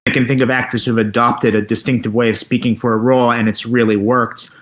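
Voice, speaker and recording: A man in a casual podcast discussion, articulate and measured. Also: mid-range voice, level tone, fairly bright tone.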